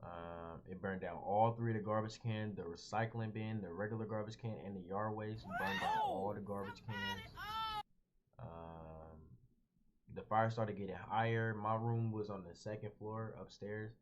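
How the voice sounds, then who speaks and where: A young man with a fairly low voice tells a story in casual vlog style. He is animated and slangy, dropping "bro" constantly. The audio is dull and lo-fi. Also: normal speed, slight background noise. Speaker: vlogger.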